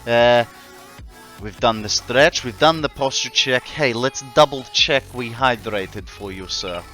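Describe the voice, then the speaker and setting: Male streamer, slow, easygoing, rambling; bright tone over faint music. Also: medium pitch. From Australia. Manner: rambling, filler-heavy, joking with chat. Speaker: game streamer. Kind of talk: casual live-stream chat. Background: faint background music.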